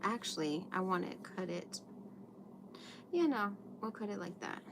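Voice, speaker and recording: A woman's voice: medium pitch, expressive, a little slow, gravelly, background noise. A woman hosting a craft livestream, chatting with viewers while she works with paper and glue at her table. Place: indoors at a craft table under bright lights.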